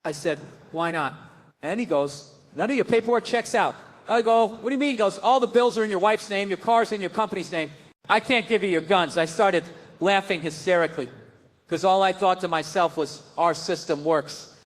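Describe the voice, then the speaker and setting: A man's voice: sits high, normal speed. A man telling a comic story with lots of swearing, acting out the other people in it. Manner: profane, animated, acts out other people's voices. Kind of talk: comedic storytelling.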